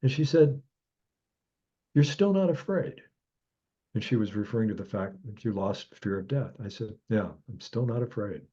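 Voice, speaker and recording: A man's voice: brisk, hardly any pauses, breathy edge, muffled recording. A man telling a personal story as a guest author, acting out the voices in his dialogue. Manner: animated, acts out quoted dialogue with jumps in pitch. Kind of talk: reflective storytelling.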